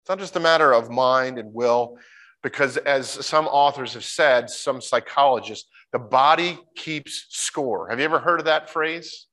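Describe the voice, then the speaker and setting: A man giving a conversational sermon. He moves from quiet, slow emphasis to bursts of high, excited mimicry when he acts out a story. His voice sits at an average pitch. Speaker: preacher.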